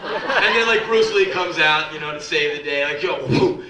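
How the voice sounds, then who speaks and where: A man's voice: a little high, normal speed, background noise. A man performing profane, sardonic spoken-word stories live in a music club, acting out the people in them. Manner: profane, sardonic, acts out quoted voices. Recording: roomy live club recording from a distance.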